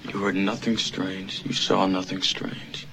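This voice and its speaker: An actor playing a gruff, weary police detective in a film drama, with a gravelly voice. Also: male voice, low-pitched, flat delivery, a little slow, background noise. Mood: probing.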